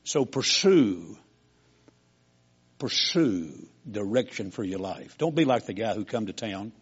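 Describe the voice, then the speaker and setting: Older guy preaching, folksy and plainspoken, raspy voice, muffled old recording. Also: fairly low pitch, expressive, slow. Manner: folksy, homespun storytelling. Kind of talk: sermon.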